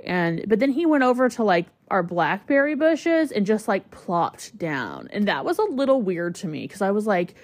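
A woman's voice: mid-range voice, sing-song, moderate pace, hardly any pauses, no echo. A woman hosting a podcast, telling a personal story in a chatty, candid way and using "like" constantly. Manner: chatty, heavy use of "like", emotional and candid. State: choked up at times. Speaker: podcast host.

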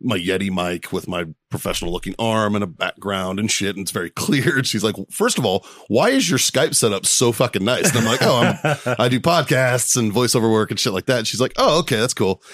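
A man's voice: on the low side, a little fast, hardly any pauses, no room sound, clean studio sound. A man hosting a podcast in casual chat, telling a story with lots of laughs and swearing. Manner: animated storytelling, laughs a lot, swears freely. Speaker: podcast host.

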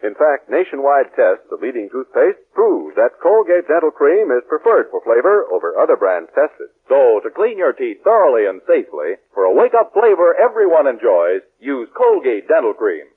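A man's voice: medium pitch, big pitch swings, moderate pace, few pauses, breathy edge. Polished 1940s radio announcer, man. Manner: polished, emphatic salesman delivery. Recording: tinny old radio broadcast.

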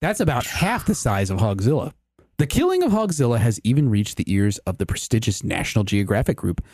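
A man's voice: medium pitch, big pitch swings, fairly quick, a little mellow, dry recording, studio quality. A man hosting a comedy podcast, reading an odd news story aloud and joking with guests. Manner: reads news story jokily, laughs often. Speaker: podcast host.

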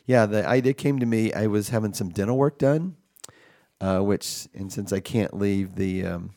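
A man hosting a comedy podcast, rambling through improvised banter with many halting fillers. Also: lowish voice, vocal fry, warm tone. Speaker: podcast host.

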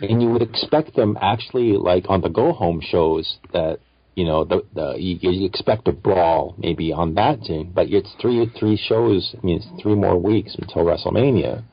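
A man's voice: deep voice, normal speed, gravelly, slightly rough, no echo. A man from Canada chatting casually on a podcast in an easygoing way. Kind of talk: casual chat. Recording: dry, muffled lo-fi audio.

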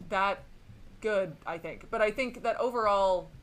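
A woman's voice: mid-range voice, unhurried, fairly bright tone, slight background noise. A young adult woman on a podcast panel, talking through a film in a rambling, opinionated way. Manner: rambling, opinionated, self-correcting. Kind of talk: casual film discussion.

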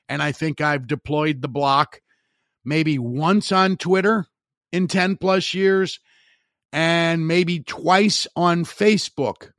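A man's voice: a little high, fairly bright tone, no room sound, clean studio sound. A middle-aged man hosting a sports podcast, delivering a blunt, opinionated monologue with wry asides and frequent restarts. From Chicago area. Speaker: podcast host.

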